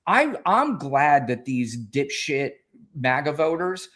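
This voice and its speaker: A man's voice: fairly high pitch, big pitch swings, slow, a bit bright. A man co-hosting a political talk show, heated and profane in casual conversation. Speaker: podcast co-host.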